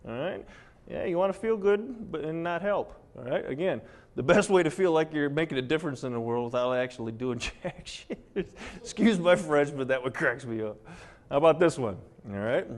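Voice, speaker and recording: A man giving a live presentation to an audience, animated and sarcastic, saying he gets fired up and charged up. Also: medium pitch.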